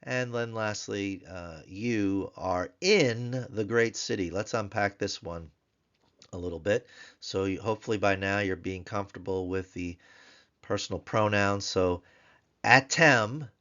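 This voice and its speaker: A man teaching a recorded grammar lesson, slowly repeating each word several times for drill. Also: fairly low pitch, steady tone, clear, resonant tone. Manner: slow, repeats words for drill. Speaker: language teacher. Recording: dull lo-fi sound.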